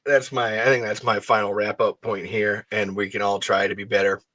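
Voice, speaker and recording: A man hosting a fan show in casual, rambling chat, excitable and profane. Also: on the low side, moderate pace, a little hiss or hum.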